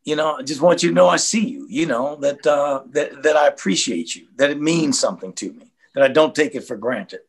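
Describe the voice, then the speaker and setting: An older man, a guest and radio host, talking in a relaxed, reflective way about his career in an interview. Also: on the high side, brisk, few pauses, breathy edge. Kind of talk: casual interview chat.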